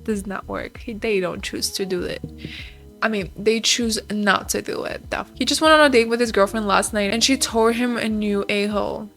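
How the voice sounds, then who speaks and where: A woman's voice: medium pitch, moderate pace, creaky, a bit bright, faint music behind. A woman hosting a reaction video, chatting casually, reading posts aloud and laughing often.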